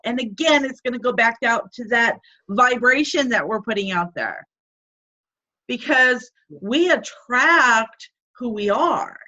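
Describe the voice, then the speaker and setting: Encouraging woman on dull lo-fi audio. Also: a little high. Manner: warm encouraging pep talk. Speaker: team mentor. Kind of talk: casual motivational chat.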